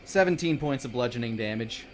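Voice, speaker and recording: A man's voice: mid-range voice, brisk, a little hiss or hum. A man running a tabletop role-playing game as game master, narrating the action and counting out rolls. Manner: lively, counts dice out loud, animated narration.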